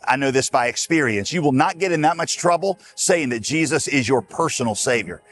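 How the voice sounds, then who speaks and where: A man's voice: mid-range voice, lively intonation, a little fast, fairly bright tone, faint music behind. A man preaching a sermon as a pastor, folksy and emphatic, speaking straight to his listeners.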